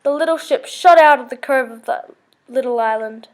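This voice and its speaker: A woman's voice: high voice, normal speed. A woman reading a children's story aloud, with small slips and self-corrections.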